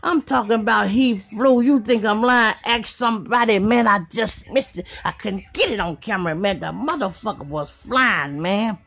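A woman with a Chicago accent telling a profane comic story, animated and swearing. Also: medium pitch, moderate pace, creaky, hardly any pauses. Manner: animated, swearing, asks "you hear me". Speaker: comedic storyteller.

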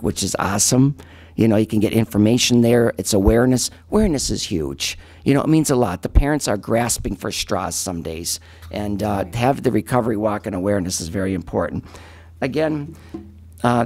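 A man in his fifties, a recovery advocate giving earnest, halting public testimony at a county meeting while fighting back emotion. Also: fairly low pitch, a little mellow.

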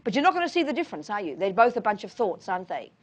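A middle-aged Buddhist teacher gives an informal dharma talk answering questions, frank and emphatic, calling her listeners "darling" and "honey." Her medium-pitched voice is very animated and rapid-fire.

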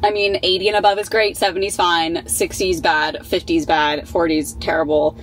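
A woman's voice: fairly low pitch, steady tone, moderate pace. A young woman vlogging casually, telling a storytime with lots of "like" fillers. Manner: chatty, filler-heavy with frequent "like". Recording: echoey room with faint ambient noise.

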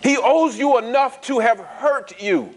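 A man's voice: very high-pitched, animated, a little slow. A man preaching a sermon in a conversational style, asking the congregation frequent rhetorical questions and repeating words as he restarts. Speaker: pastor.

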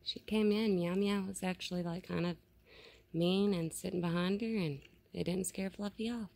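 A woman talking baby talk to a raccoon she is feeding, softly calling and coaxing it at an open door at night. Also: on the low side, steady tone, normal speed, gravelly, no room sound. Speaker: vlogger feeding a wild raccoon. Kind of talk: casual cooing to an animal.

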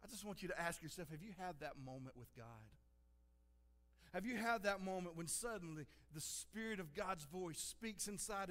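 High-voiced pastor preaching in a reverberant church. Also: male voice, fairly bright tone. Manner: earnest, conversational, repeats "listen" for emphasis. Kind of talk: sermon. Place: church sanctuary. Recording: long hall reverb.

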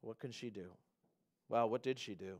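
A male pastor giving a church sermon, earnest, often restarting phrases and slowing down to stress a point. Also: fairly low pitch. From Canada. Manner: earnest, repeats words and restarts phrases, slows for emphasis.

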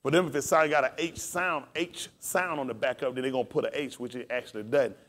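A man's voice: mid-range voice, steady tone, fast talker, fairly bright tone. A man pastor preaching and teaching scripture, calling out questions to his congregation and spelling words aloud.

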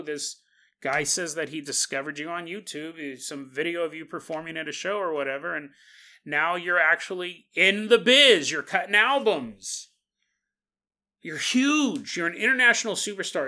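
A man hosting a podcast, telling a spooky story in a casual, animated way and often laughing at his own jokes. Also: fairly high pitch. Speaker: podcast host.

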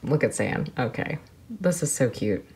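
A woman narrating an unboxing video, soft-spoken and gushing, moving between quiet murmurs and excited exclamations. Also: extremely low pitch, a little slow, noisy background. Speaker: vlogger.

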